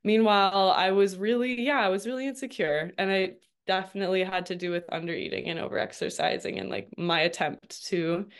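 A woman's voice: medium pitch, steady tone, fairly quick, few pauses, smooth. A woman in her thirties telling her story as a guest in a casual interview, chatty and laughing often. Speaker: guest, registered dietitian.

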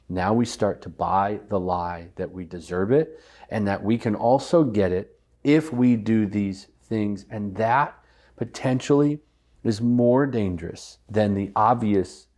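A man's voice: lowish voice, a little slow, a little mellow. A man speaking as a guest on a podcast, earnestly teaching and repeating phrases for weight.

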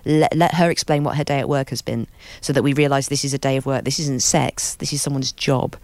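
A middle-aged British woman talks very fast in a candid interview, blunt and unafraid to swear. She fills her rushing sentences with "you know" and "like." Her voice sounds dry and close to the mic. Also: rumbling low, steady tone, a little mellow, dry recording. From Britain. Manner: blunt, rapid and swearing freely, with many "you know" fillers. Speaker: author and guest.

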